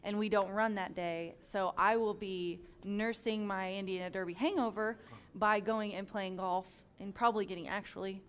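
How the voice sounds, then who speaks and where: A woman co-hosts a horse racing show in casual, upbeat chat. Her voice is smooth and clear at a middle pitch, and she laughs easily as she talks. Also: fairly even intonation, normal speed. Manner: chatty, upbeat, laughs often. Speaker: racing program host and handicapper.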